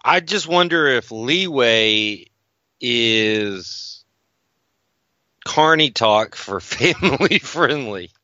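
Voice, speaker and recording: A man with a mid-range voice co-hosts a casual podcast, rambling through stories with wry, deadpan jokes. The audio is dull and lo-fi, with a dry, close sound. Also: medium pitch, drawn-out words, no echo. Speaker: podcast co-host.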